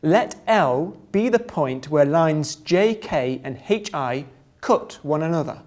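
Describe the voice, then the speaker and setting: With a medium pitch, lively intonation and a darkish tone, a presenter reads through geometry drawing steps. The delivery is deliberate, with dry humorous asides and occasional bursts of laughter.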